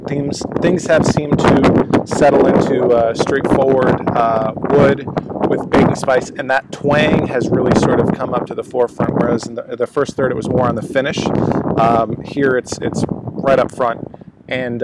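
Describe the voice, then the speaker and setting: Man, mid-range voice, chatty rambling reviewer, halting delivery. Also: medium pitch, heavy background noise. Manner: rambling, many fillers and restarts. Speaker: cigar reviewer. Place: outdoors at a laptop, breezy day.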